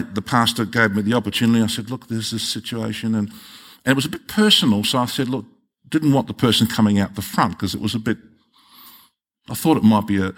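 An older man preaches to his congregation with a husky, slightly breathy voice. He is fervent and stumbles over his words, then climbs high and loud to drive a point home. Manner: impassioned, often rising sharply in pitch, with repeated restarts. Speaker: pastor. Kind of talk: sermon.

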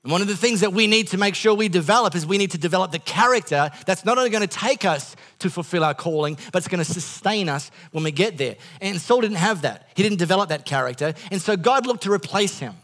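Speaking fast with barely a pause, an Australian man gives a sermon as pastor in a high, lively, fairly bright voice. His comic stories meander, full of side remarks and fresh starts.

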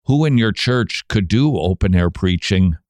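Male radio host, animated mid voice, dry studio sound, quick asides. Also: fairly low pitch, dry recording. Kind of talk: radio show introduction.

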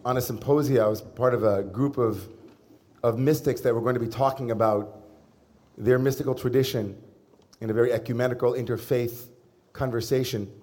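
A man, a rabbi, giving a sermon to a congregation, telling a personal story in a casual, humorous way with pauses and fillers. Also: medium pitch, steady tone, darkish tone. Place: synagogue service before a congregation.

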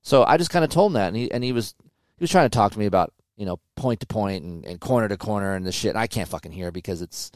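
A man's voice: on the low side, fast, dry recording, clean studio sound. A middle-aged man hosting a podcast, talking candidly and with plenty of profanity about family pressures. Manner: candid, profane, animated storytelling. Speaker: podcast host. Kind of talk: casual chat.

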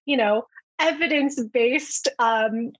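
A woman's voice: on the high side, slow, breathy edge, no echo. A young woman working as a speech-language pathologist, chatting casually as a guest and often saying "like" and "you know". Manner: relaxed, with many "like" and "you know" fillers. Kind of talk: casual podcast chat.

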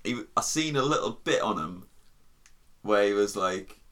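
A man's voice: lowish voice, lively intonation, moderate pace, fairly bright tone. A man co-hosting a podcast, chatting casually, sweary and mocking, laughing often. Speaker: podcast co-host. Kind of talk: casual banter.

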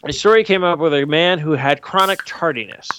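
Slightly high-voiced animated podcast host. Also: male voice, a little fast, highs cut off, background noise. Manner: animated storyteller who acts out quotes. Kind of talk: casual chat.

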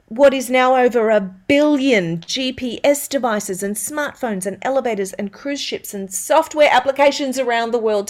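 A woman with an Australian accent, a voiceover artist, telling stories as an interview guest and acting out the quotes. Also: high voice. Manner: animated, laughing, acts out quotes. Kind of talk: interview storytelling.

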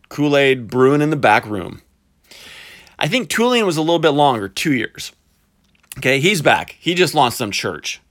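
A man delivering a sarcastic, animated ranting commentary, stretching words for emphasis and mocking with hyperbole. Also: medium pitch. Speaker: podcast commentator.

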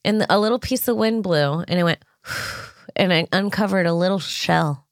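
A woman's voice: fairly low pitch, moderate pace, dry recording, clean studio sound. A woman co-hosting a casual podcast chat, telling stories with swearing and acted-out quotes. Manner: swearing, storytelling, acts out quotes. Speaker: podcast co-host.

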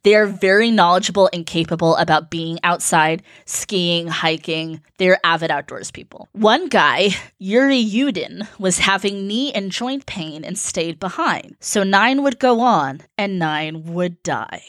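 A woman's voice: fairly low pitch, lively intonation, a little slow, hardly any pauses, a bit bright, no room sound, clean studio sound. A woman hosting a casual podcast, chatty and laughing often as she retells a story from her notes. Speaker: podcast host.

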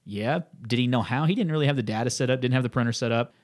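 A man in his thirties co-hosts a podcast and talks quickly, with a voice of ordinary middle pitch. He is an animated storyteller who slips into the voices of the people he describes. The talk is relaxed and conversational. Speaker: podcast co-host. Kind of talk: casual podcast chat.

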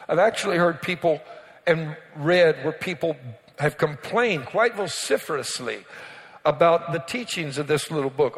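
A man preaching a sermon as pastor, talking directly to his congregation, urging them to turn to their neighbor and answering his own questions. He builds to emphatic, nearly shouted peaks. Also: fairly high pitch. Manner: preaching with call-and-response asides to the congregation. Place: church sanctuary. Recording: reverberant church hall.

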